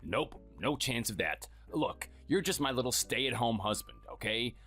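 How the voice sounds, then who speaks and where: A man's voice: lively intonation, measured pace, fairly bright tone, slightly rough, soft background music, heavily acted. A man playing a scornful, bossy husband who belittles his spouse, in a dramatized story. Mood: contemptuous. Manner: sneering and dismissive, low and clipped.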